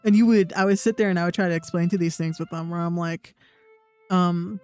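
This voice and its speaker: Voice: medium pitch, fairly even intonation, fast talker, darkish tone, smooth. A young adult livestreamer, in blunt, profane, sarcastic casual chat. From United States. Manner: sarcastic, mocking mimicry of others. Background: faint background music.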